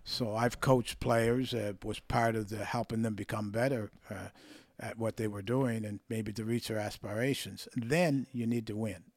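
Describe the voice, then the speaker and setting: A man's voice: on the low side, fairly even intonation, no echo. Older man, coaching stories, dry sound. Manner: measured, acts out quoted voices. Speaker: hockey coach, guest. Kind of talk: relaxed interview storytelling.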